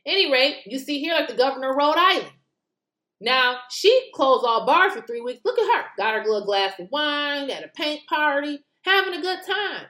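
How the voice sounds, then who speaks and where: An American woman giving casual political commentary, animated and indignant, firing off rhetorical questions with mocking asides. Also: sits high, moderate pace, reverberant.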